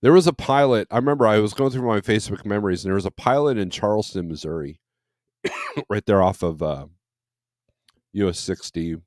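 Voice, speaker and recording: Low-voiced man chatting on a livestream. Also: animated, fairly quick, a little mellow, dry recording, clean studio sound. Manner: rambling and conversational, with frequent fillers and restarts; blunt and opinionated when griping. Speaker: truck driver and livestream host. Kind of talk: casual morning livestream, reading viewer comments aloud.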